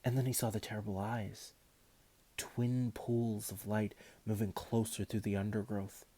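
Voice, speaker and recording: A man reading a children's novel aloud in a calm, measured way. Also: on the low side. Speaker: audiobook reader.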